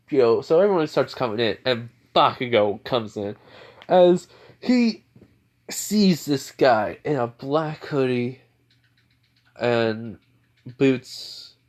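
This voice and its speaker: A man casually narrating an improvised fan story, rambling with lots of fillers. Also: mid-range voice. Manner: rambling, filler-heavy retelling.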